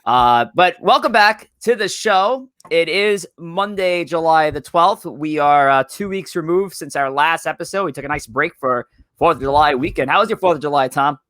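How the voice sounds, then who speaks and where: Male podcast host, bright, forceful voice, slightly high, casual and self-deprecating, dry close-miked sound. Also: animated, moderate pace, dry recording. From New York area. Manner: chatty, self-deprecating, loose filler-heavy delivery. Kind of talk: casual sports podcast chat.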